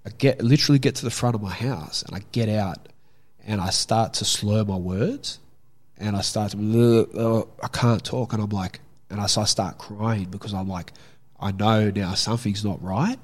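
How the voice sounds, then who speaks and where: Husky young Australian man, candid and blunt. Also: fairly low pitch, steady tone, moderate pace. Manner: candid and blunt, swears freely. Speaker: guest. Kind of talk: casual storytelling.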